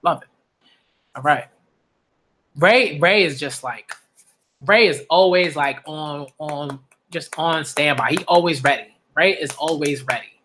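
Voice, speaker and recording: A man doing a live manga reading reaction, excitable and slangy, often repeating himself as he reacts. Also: on the high side, measured pace, a little hiss or hum. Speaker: manga reviewer.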